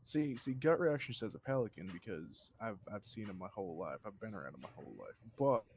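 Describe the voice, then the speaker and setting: A man's voice: on the low side, lively intonation, brisk, vocal fry, a little hiss or hum. A man answering questions in a casual role-play interview, rambling with many restarts and fillers.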